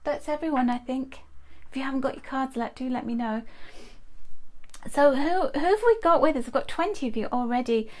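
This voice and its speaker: A woman's voice: sits high, brisk. A middle-aged woman hosting a live tea leaf reading, greeting viewers by name in a chatty, effusive way that now and then trips over her words.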